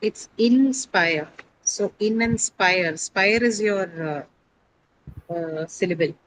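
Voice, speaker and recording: A woman teaching pronunciation in a classroom. She explains step by step, quizzes her students, stops to correct herself and often pauses on fillers. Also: on the low side, fairly bright tone, low-quality recording.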